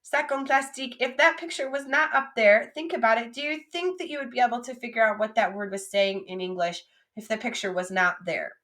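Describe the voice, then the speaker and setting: A young woman with a fairly high voice teaches a French vocabulary class. She stretches each new word out slowly for her students, then hurries through her English asides. She keeps urging the class to repeat after her. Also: fairly bright tone.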